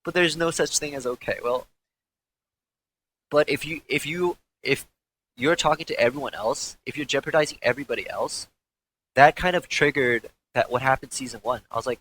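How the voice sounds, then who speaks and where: Bright-voiced young man telling a story, rambling. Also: mid-range voice, normal speed, slight background noise, poor audio. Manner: rambling, profane, frequent restarts. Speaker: former pro gamer. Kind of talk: candid interview storytelling.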